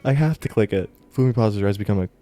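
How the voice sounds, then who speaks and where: A man's voice: on the low side, fast talker, warm tone, no echo. A man playing a visual novel, reading its narration aloud and tossing off sarcastic, swearing asides. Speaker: let's play host. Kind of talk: casual gaming commentary, reading narration aloud.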